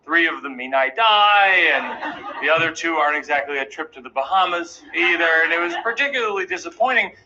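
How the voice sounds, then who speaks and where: A man in his thirties telling a stand-up comedy story in an anxious, self-deprecating, animated way. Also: fairly high pitch, brisk. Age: 30s. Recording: dull, noisy live recording.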